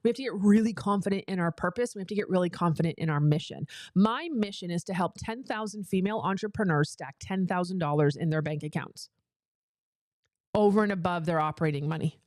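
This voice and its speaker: A woman's voice: on the low side, quick pace, a little mellow, no room sound. Emphatic motivational woman, dry close mic. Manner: emphatic, repetitive motivational cadence; casual, chatty asides. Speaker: business coach for female entrepreneurs. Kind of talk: motivational livestream talk. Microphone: close microphone.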